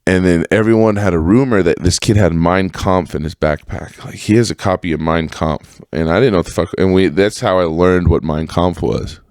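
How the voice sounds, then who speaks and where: Young male podcast host, low voice, dry close sound, profane rambling storyteller. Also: fairly even intonation, normal speed, few pauses, darkish tone, no room sound. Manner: profane, rambling, full of fillers and self-corrections. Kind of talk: casual storytelling monologue.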